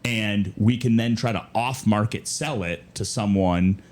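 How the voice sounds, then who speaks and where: A man's voice: fairly low pitch, a little slow. A man co-hosting a casual podcast, chatting loosely and quoting his clients in back-and-forth dialogue. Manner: conversational, quotes clients in lively back-and-forth. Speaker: podcast co-host.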